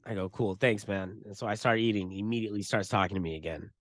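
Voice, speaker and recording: Animated, profane man telling a story. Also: on the low side, very fast, no room sound. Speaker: podcast co-host. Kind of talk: casual storytelling chat.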